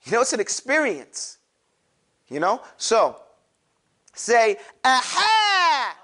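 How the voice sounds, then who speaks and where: A man's voice: sits high, sing-song, takes it slowly, a bit bright. A man teaching a classroom lesson on pronouncing letters for Quran recitation, animatedly drilling his class to repeat sounds aloud.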